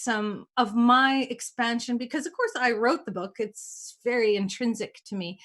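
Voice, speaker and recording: A woman hosting a casual talk, telling stories in an animated way and acting out the dialogue. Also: fairly high pitch. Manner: animated, acts out quoted dialogue. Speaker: host.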